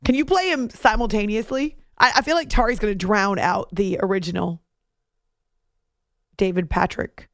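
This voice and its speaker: A woman hosting sports radio in a casual, playful way, who sometimes breaks into high shouted impressions. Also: moderate pace, dry recording, clean studio sound. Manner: playful, tries high movie-villain shouts.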